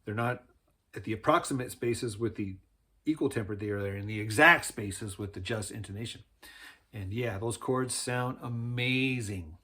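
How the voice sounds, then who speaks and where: A man's voice: lowish voice, normal speed, sharp tone, husky. A man casually explaining how he lays out frets for homemade string instruments, in a laid-back, rambling way with slang like "man" and "dude". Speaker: instrument builder teaching.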